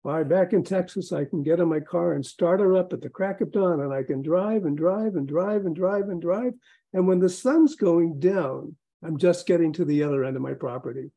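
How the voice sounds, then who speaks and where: Brief: man putting on a bragging Texas rancher, husky and mellow. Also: on the high side, moderate pace. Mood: boasting. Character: boastful male Texas rancher in a joke.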